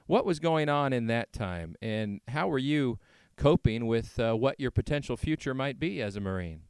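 A man interviewing a veteran, asking measured, prepared questions. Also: mid-range voice, lively intonation, clean tone, no room sound. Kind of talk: oral history interview.

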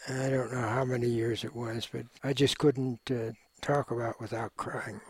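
An older man, a war veteran, speaking in an oral history interview in a measured, reflective way with frequent pauses and fillers. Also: medium pitch, flat delivery, a little mellow, breathy edge, no echo.

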